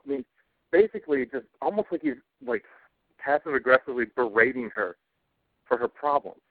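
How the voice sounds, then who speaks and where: A man's voice: medium pitch, lively intonation, fairly quick, no room sound. A man co-hosting a casual talk show, ranting about television with heavy swearing. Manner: ranting, profane, cranky. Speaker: podcast co-host. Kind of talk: casual chat. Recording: tinny phone-like audio, dry.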